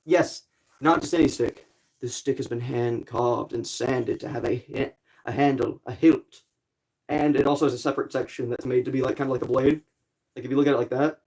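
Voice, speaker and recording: A man's voice: mid-range voice, a little mellow. A young man chatting casually on a livestream, rambling and playful, full of "like" fillers. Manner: rambling and playful, many "like" fillers, quick bursts. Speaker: streamer.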